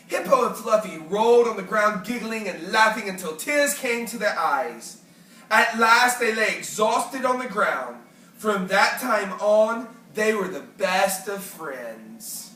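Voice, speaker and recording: Slow, animated storybook reader. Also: mid-range voice. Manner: slow, expressive read-aloud with bursts of volume. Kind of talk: reading a picture book aloud. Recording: roomy home recording from a distance.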